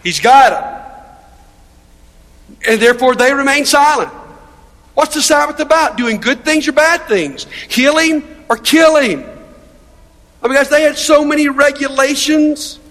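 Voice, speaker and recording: A man's voice: very high voice, measured pace, pauses often, fairly bright tone. A male pastor preaching a sermon in an emphatic, conversational way, asking his listeners rhetorical questions. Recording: long reverb of a large hall.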